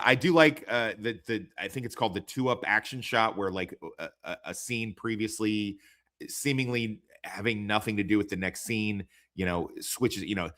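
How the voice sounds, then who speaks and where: Low-voiced guy rambling about an episode, lots of um and you know, swears a bunch. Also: fairly bright tone. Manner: rambling, profane, full of fillers. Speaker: host reviewing TV episodes. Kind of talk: casual chat.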